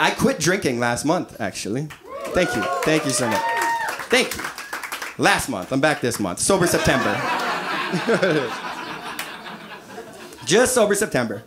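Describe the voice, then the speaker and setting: A man in his thirties doing a stand-up comedy set, animated, acting out quoted voices and laughing at his own jokes. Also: on the high side, normal speed, pauses often. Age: 30s. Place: live comedy venue with audience. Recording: live stage recording with audience noise.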